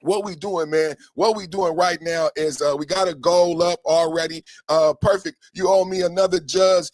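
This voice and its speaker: Guy hosting his podcast all hyped, chanting catchphrases, high voice, dry close mic. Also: fairly even intonation, normal speed, no echo. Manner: hype-man delivery, chants catchphrases, sing-song rhymes. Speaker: podcast host.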